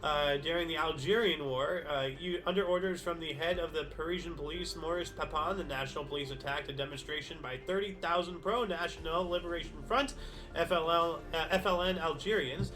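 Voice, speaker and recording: Faint music plays behind a history stream host whose slightly high voice comes out brisk, pushed and bright as he reads out dates and drifts into rambling thoughts of his own.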